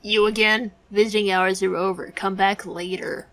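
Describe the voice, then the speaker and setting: A woman's voice: medium pitch, flat delivery, moderate pace, a bit bright, natural voice. A woman voicing a bored, grumpy male prison guard in a game.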